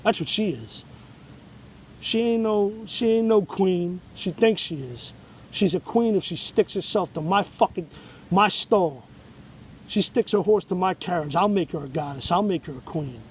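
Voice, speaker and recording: A man's voice: high-pitched, a little slow, a little hiss or hum, poor audio. A man, hosting his own show in a rambling, profane, agitated monologue rant. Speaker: show host. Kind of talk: ranting monologue.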